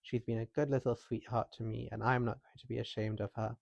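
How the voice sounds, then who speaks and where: A man voicing a modest young farmer's son in a storybook reading, speaking quietly and modestly. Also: medium pitch, flat delivery, brisk, creaky, no room sound, lo-fi sound, natural voice.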